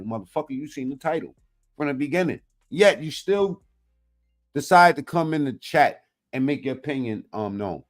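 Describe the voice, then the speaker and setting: A man's voice: on the high side, animated, normal speed, faint music behind. A man giving blunt, profane, rambling commentary as he reacts to video clips. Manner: blunt, heavy swearing, rambling street talk.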